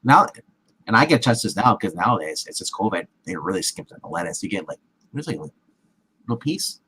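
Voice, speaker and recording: A man's voice: deep voice, very animated, fairly quick, bright, forceful tone, husky, rough recording. Rambling man retelling a movie scene. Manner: rambling, many restarts, acts out quotes. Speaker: movie review co-host. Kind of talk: casual movie recap chat.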